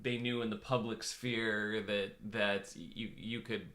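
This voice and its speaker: A man in his thirties who works as a business growth consultant, co-hosting a casual live stream in a relaxed, steady way. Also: lowish voice, slow. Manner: relaxed, laughs easily, explains steadily.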